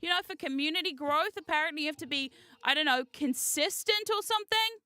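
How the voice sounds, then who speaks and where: A woman streamer chatting casually on a live stream, excitable and giggly, swearing freely. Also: sits high, fairly quick, no room sound, studio quality. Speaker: VTuber streamer.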